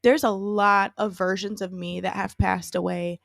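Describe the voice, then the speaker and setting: Late-twenties female podcast co-host, casual and chatty, mid pitch, dry studio sound. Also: little pitch movement, normal speed, vocal fry, dry recording. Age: 20s. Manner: chatty, rambling, laughs easily. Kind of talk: casual chat.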